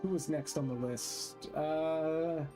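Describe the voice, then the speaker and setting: Casual streamer moderating a debate. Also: male voice, fairly high pitch, moderate pace, over music. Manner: casual, amused, reads aloud between asides. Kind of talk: casual stream narration and role-play.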